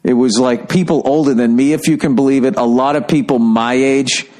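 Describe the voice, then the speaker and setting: A man's voice: mid-range voice, fairly even intonation, brisk, darkish tone. A middle-aged man from the United States hosting a podcast, telling stories in a casual, profane, rambling way. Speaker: podcast host.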